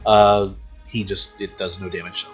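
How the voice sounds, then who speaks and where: A man's voice: deep voice, level tone, unhurried, muffled recording, soft background music. A man running a tabletop game as game master, narrating combat in gory detail and often laughing.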